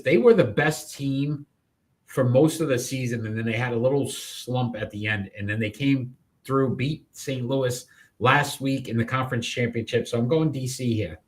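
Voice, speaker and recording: Man, sports show co-host, mid-pitched voice, upbeat announcing, casual banter. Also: fairly bright tone. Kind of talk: casual sports picks chat.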